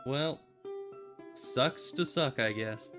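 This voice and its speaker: A man's voice: medium pitch, extremely slow. Sarcastic man rambling over a game. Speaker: streamer. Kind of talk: casual gameplay commentary. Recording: guitar music behind.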